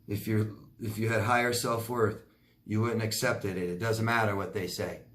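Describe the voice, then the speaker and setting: A man's voice: lowish voice, flat delivery, normal speed, a bit bright, echoey room. A man giving blunt relationship advice as a coach, answering viewer questions and acting out quoted people. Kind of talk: Q&A advice talk.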